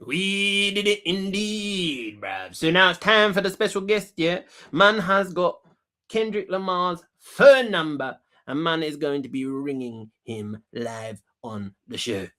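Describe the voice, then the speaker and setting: A man's voice: high-pitched, animated, takes it slowly, sharp tone. A man hosting a comedic talk show sketch, brash and full of slang, rambling and repeating himself.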